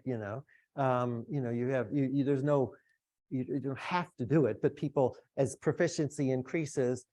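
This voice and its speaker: A man's voice: mid-range voice, a little mellow, no echo. A middle-aged man giving a lecture in a room, talking in a conversational way with asides to the audience. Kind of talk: academic lecture.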